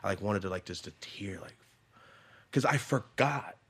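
A man's voice: on the low side, normal speed, fairly bright tone, a little hiss or hum. A man in his thirties telling a personal story in a casual chat, blunt and full of swearing. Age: 30s. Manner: profane, blunt, emotional storytelling. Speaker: podcast host.

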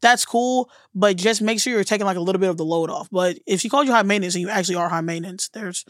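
A woman guest co-host on a casual podcast, giggly and loose with the swearing. Her voice sits at a middle pitch. The recording is close and dry. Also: very fast, no room sound. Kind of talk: casual chat.

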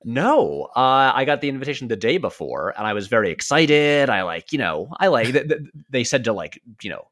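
A man's voice: mid-range voice, sing-song, a little fast, hardly any pauses, a bit bright. A man guesting on a film podcast, telling a story in a hesitant, rambling, self-amused way. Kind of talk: casual anecdote.

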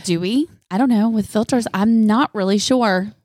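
A woman's voice: medium pitch, moderate pace, a little mellow, no echo, clean studio sound. A woman, co-hosting a podcast in bubbly, dramatic casual chat and laughing often. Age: 30s. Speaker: podcast co-host.

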